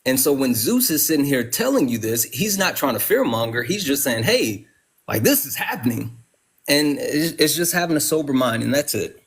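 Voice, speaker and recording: A man's voice: mid-range voice, animated, a little fast, few pauses, slightly rough. A man hosting a live stream who talks in an earnest, urgent way and often restarts his sentences. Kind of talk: casual live stream chat.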